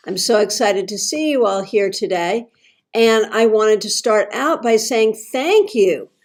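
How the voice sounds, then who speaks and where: Unhurried, chatty middle-aged woman tarot host. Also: mid-range voice. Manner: warm, chatty and enthusiastic. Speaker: tarot reader, show host. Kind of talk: friendly livestream tarot reading.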